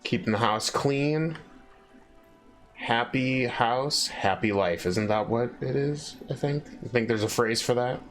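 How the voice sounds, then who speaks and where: A man's voice: medium pitch, unhurried, a bit bright, soft background music. A man streaming a game, chatting casually with viewers and reading the game text aloud in a playful way. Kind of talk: casual gameplay commentary.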